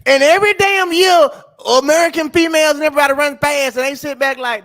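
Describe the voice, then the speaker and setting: A man co-hosting a track talk show, shouting in outrage and then hushing himself to stay calm. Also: very high voice, quick pace. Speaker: track podcast co-host. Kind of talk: heated sports talk.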